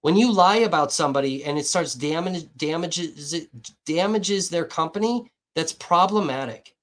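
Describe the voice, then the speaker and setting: A man's voice: a little high, normal speed, fairly bright tone. A man hosting a livestream, ranting bluntly and abrasively with heavy swearing. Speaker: livestream host. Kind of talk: heated livestream rant.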